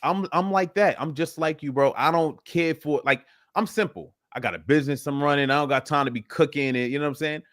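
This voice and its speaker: A man's voice: a little high, a little fast, few pauses, fairly bright tone, no room sound, studio quality. A man hosting a live fitness Q and A, talking casually and filling his speech with "you know what I'm saying". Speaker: fitness host answering live questions. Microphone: livestream setup.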